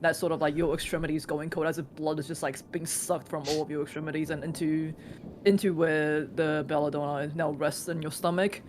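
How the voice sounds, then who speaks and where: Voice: medium pitch, little pitch movement, a little fast, a little hiss or hum. A game master describing scenes to players in a loose, casual way with many fillers. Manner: loose, filler-heavy narration. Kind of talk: narrating a tabletop game.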